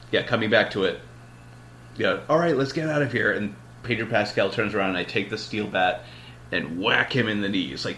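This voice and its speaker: Male podcast host, loose rambling storyteller, lower pitch with a sharp, forceful tone. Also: slight background noise. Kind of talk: casual chat.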